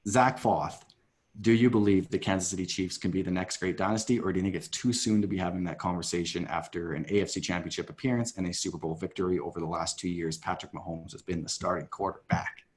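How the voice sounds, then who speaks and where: A man with a fairly low voice hosts a casual sports podcast. He steers the chat with long, winding questions to his co-hosts. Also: fairly even intonation, fast. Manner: leads the talk, poses long questions to co-hosts. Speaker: podcast host.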